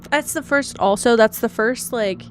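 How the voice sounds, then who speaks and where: A young adult woman streaming, chatting casually and gushing excitedly, swinging between loud squeals and soft teary asides. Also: on the high side, normal speed. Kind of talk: casual live-stream chat.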